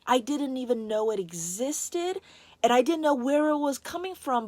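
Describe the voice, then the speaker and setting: A woman's voice: fairly high pitch, no echo. A woman candidly telling a personal story to the camera, emotional and close to tears, with many restarts and fillers.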